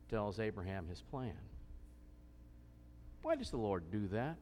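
A man preaching a sermon, asking questions and stressing points with emphasis. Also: mid-range voice. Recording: long hall reverb.

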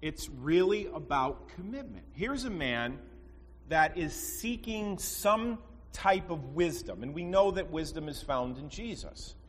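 A man's voice: fairly high pitch, sing-song, unhurried. A man preaching a sermon, telling stories in a conversational way with asides to his listeners. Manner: storytelling, conversational with rhetorical asides. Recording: long reverb, faint background noise.

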